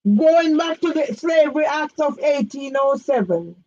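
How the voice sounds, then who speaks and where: A woman's voice: high voice, animated, unhurried, a little mellow, dull audio. A woman, giving an emphatic direct-address complaint, firing pointed questions at one man by name. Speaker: campaigner vlogger.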